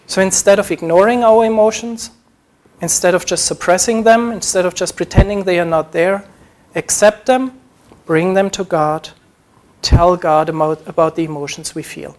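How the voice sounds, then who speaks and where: A man's voice: high-pitched, fairly even intonation, normal speed, darkish tone. A man preaching a sermon, earnest, acting out short quoted prayers as he teaches.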